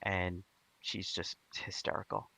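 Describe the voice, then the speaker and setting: A man narrating as game master of a tabletop role-playing game, halting and full of restarts. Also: sits low, completely flat delivery, creaky, sharp tone, slight background noise.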